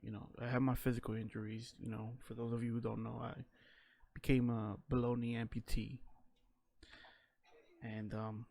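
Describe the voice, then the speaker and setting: Candid man, gravelly edge, mid-pitched, casual personal storytelling with loose fillers. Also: completely flat delivery, normal speed, pauses often, a little mellow. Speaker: vlogger telling his own story.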